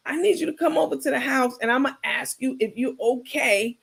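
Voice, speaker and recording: A woman's voice: high voice, gravelly, fairly bright tone, husky, voice pushed up, full character voice. A woman putting on the voice of a bossy, scheming woman who coaches and pushes someone around. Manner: bossy, coaxing, fast-talking.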